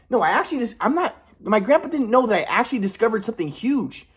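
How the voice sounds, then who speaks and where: A man's voice: high voice, very animated, rapid-fire, few pauses. A young adult man in an agitated, rambling casual monologue with frequent swearing. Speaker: vlogger.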